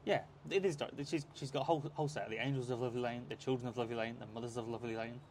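A man's voice: medium pitch, steady tone, racing, darkish tone, slight background noise. A man co-hosting a podcast in casual chat, hesitant and self-deprecating. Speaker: podcast co-host.

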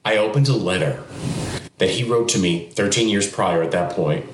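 A man's voice: normal speed, background noise. A middle-aged man, a TV news anchor guesting on a podcast, telling personal stories candidly and acting out what his family said. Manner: animated, acts out quoted family members with sudden high pitch jumps. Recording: roomy echo.

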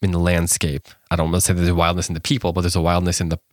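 A man's voice: low voice, monotone, rapid-fire, no echo, clean studio sound. A man hosting a poetry podcast, reading a poem aloud and then talking it over in a reflective way, with fillers and restarts. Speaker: podcast host. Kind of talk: poetry reading and casual commentary.

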